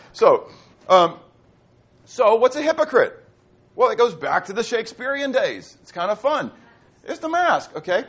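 A middle-aged man from Pittsburgh preaching a sermon as pastor, quizzing his congregation with fill-in-the-blank questions. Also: high voice. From Pittsburgh, USA.

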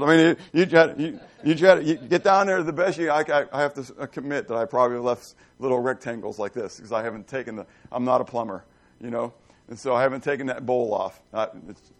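A middle-aged man preaching a conversational sermon, telling folksy stories and checking in with the congregation with questions. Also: on the high side. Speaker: pastor.

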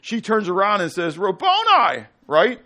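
A man preaching a sermon as pastor, animated, often asking the congregation questions and swinging between loud and hushed delivery. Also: mid-range voice, normal speed.

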